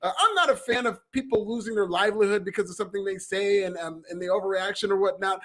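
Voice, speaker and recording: Male co-host with a higher voice who gives earnest, thoughtful commentary in a casual podcast chat. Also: fast, fairly bright tone.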